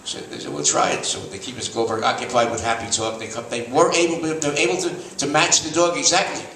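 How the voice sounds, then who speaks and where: Brief: older male storyteller, bright tone, rambling delivery, echoey room, off-mic. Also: mid-range voice, level tone, fast, a little hiss or hum. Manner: rambling, restarts often, raconteur. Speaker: stand-up storyteller, veteran TV host. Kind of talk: stand-up anecdotes. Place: stage before a live audience. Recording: echoey room, mic at a distance, faint ambience.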